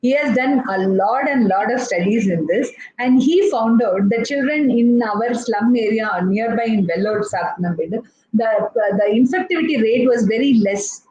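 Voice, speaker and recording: A woman's voice: on the high side, animated, normal speed, a little mellow. Indian woman, pediatrician, explains patiently, many restarts, echoey room, dull lo-fi sound. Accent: Indian English. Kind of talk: explanatory talk in a live chat. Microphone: live online session.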